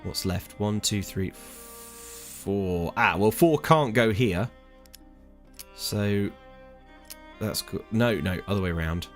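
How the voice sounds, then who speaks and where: A young man talks slowly through a puzzle game in a lowish voice, thinking aloud and sighing with exasperation. Casual, muttered commentary with faint music under it. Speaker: let's play streamer.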